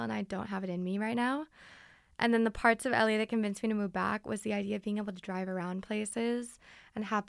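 A woman's voice: medium pitch, gravelly, smooth, dry recording. A young woman hosting a podcast, chatting casually and bubbly as she answers listener questions in a recording studio on a studio mic. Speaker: podcast host. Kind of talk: casual solo podcast chat. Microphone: studio microphone.

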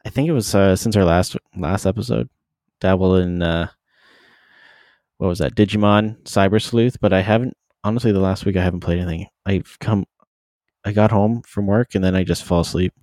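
A man co-hosting a podcast in casual chat, halting and restarting often. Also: sits low, steady tone, a little mellow, dry recording, studio quality. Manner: halting, self-interrupting, laughs easily. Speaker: podcast co-host.

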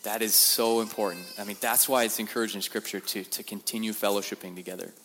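A young man, a guest speaker, giving a sermon-style testimony in a church, telling his story in an animated way with many repeated words. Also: lowish voice, fast, slight background noise. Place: church sanctuary. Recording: reverberant church hall.

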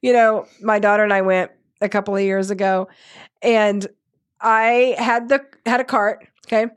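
Middle-aged woman, co-host, easygoing mid-pitch storyteller who laughs a lot. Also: fairly even intonation, moderate pace, clean tone. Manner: chatty storyteller, laughs often. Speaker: podcast co-host. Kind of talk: casual chat.

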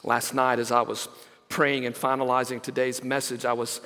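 A man pastor preaching a sermon, telling stories and acting out quotes with lively emphasis. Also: medium pitch, moderate pace. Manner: animated storytelling with acted quotes. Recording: reverberant church hall.

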